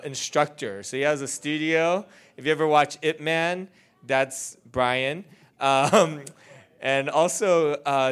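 A man's voice: medium pitch, a bit bright, smooth. A man introducing a guest speaker at church, informal with some fillers.

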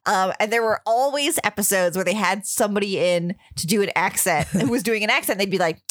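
A woman's voice: mid-range voice, a little fast, no echo, studio quality. A woman co-hosting a casual podcast, telling chatty anecdotes. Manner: chatty, tells anecdotes with acted quotes. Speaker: podcast co-host. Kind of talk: casual chat.

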